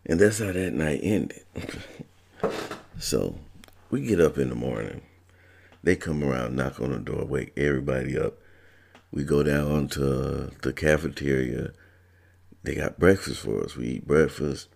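A man's voice: extremely low pitch, unhurried, gravelly, pauses often, darkish tone. A man from Georgia telling a personal story in a laid-back, casual way, laughing now and then.

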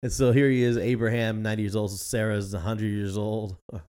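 With a fairly low, clear and resonant voice, a man in his thirties co-hosts a podcast at a brisk pace. He jokes around in the casual conversation, stays animated, and laughs often.

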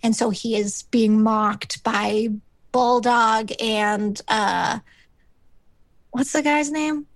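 A woman's voice: a little high, fairly even intonation, drawn-out words, dry recording. Chatty woman recapping an episode. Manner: rambling with many fillers, acts out characters' lines. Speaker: podcast co-host. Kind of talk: casual recap chat.

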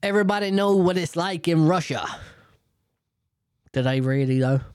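A rambling man reacting to the headlines with a sweary, offhand tone and constant restarts. His voice sits slightly high for a man, and the recording is dry with no room sound. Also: moderate pace, darkish tone, clean tone, dry recording. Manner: rambling, sweary, self-correcting. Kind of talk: casual commentary on the news.

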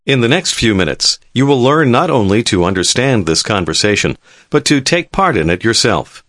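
Measured male language-course narrator. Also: mid-range voice, no room sound, studio quality. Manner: calm, measured, clearly enunciated. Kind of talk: scripted instructional narration.

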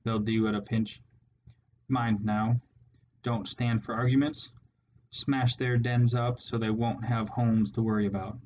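A man's voice: medium pitch, little pitch movement, measured pace, a little mellow, dull audio, a little hiss or hum, natural voice. A man voicing a harsh, scarred male rat warlord who snarls his orders with contempt, in a storybook reading. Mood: snarling, commanding.

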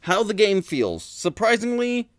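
Animated, laid-back man on a podcast. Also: sits high, unhurried, no echo, studio quality. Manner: laid-back, swears casually, lively storytelling. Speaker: podcast co-host. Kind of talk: casual chat, game review.

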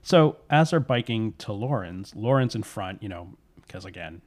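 A man casually retelling a spooky story, slipping into the characters' lines as he goes. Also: fairly low pitch. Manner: relaxed, voices characters' lines in quick asides.

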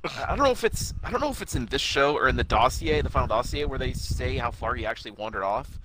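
A man's voice: medium pitch, lively intonation, fast talker. A man in casual chat about a TV show, adding details in a laid-back way and swearing now and then. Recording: noisy recording.

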